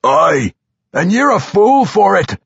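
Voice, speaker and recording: A man's voice: sits high, sing-song, slow pace, gravelly, slightly rough, no echo, highs cut off, voice pushed up, heavily acted. A man doing a raging vampire. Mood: furious. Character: raging male dwarf vampire, gruff and tormented.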